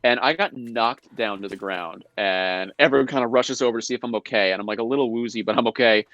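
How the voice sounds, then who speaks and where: On a live video call from home, a male guest actor shares behind-the-scenes stories in a casual chat, defending himself with playful mock indignation. He's an animated storyteller with a medium-pitched voice and a quick pace. The audio has no echo, and the highs are cut off.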